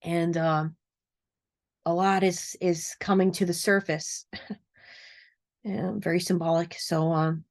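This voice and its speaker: A woman coaching people on narcissism in a casual vlog, speaking earnestly from a cluttered room at home. She rambles, fills pauses with "um" and "uh," and laughs softly now and then. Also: fairly low pitch, flat delivery. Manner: rambling and earnest, with frequent fillers and soft laughs. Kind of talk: casual talking-to-camera vlog.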